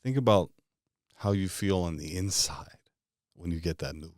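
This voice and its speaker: A man with a very deep voice leads a guided visualization, asking one casual question after another. His voice sounds close and dry, with no room around it. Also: dry recording. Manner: string of rapid questions, casual phrasing. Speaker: motivational speaker.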